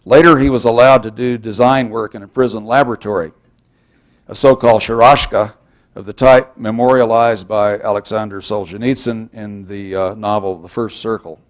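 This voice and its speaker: A man from Texas giving a public university lecture in a measured, wry, explanatory way. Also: on the low side, steady tone.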